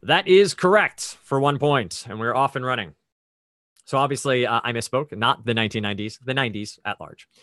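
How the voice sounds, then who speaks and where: A man's voice: medium pitch, a little fast, fairly bright tone, no echo. Male quiz host, mid-range voice, dry close sound over a video call; methodical rule explainer with chatty asides. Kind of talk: explaining rules and reading clues.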